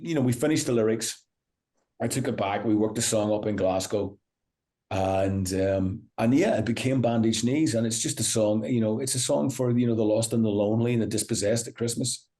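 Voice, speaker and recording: A male rock musician chats through a relaxed interview, spinning long anecdotes. He keeps restarting his sentences and dropping in "you know", and he acts out what other people said as he goes. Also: lowish voice, a little fast. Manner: animated anecdote-teller, acts out quoted voices, many restarts and "you know". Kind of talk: casual interview storytelling.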